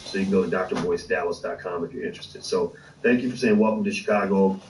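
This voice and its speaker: A man's voice: low-pitched, fast, background noise. A man hosting a casual livestream, talking animatedly with swearing and lots of fillers. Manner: animated, profane, many fillers and restarts. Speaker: host of an online show. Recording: echoey room, distant mic.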